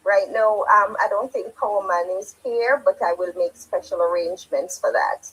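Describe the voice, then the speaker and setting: A woman moderating a live stream, soft-spoken and grateful in casual chat. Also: medium pitch, moderate pace, breathy edge, low-quality recording.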